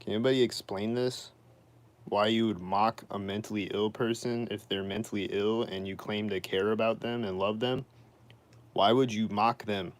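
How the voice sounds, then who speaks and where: A man's voice: fairly low pitch, fairly even intonation, normal speed. A man ranting on a livestream in an aggrieved, repetitive way, asking the same questions over and over. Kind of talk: livestream rant.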